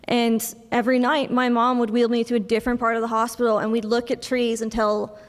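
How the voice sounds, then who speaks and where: A young woman giving a memorial speech for her mother, telling family stories with soft laughs and acting out bits of dialogue. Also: on the high side, level tone, a little fast. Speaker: eulogy speaker, daughter of the deceased. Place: memorial service hall. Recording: long reverb of a large hall.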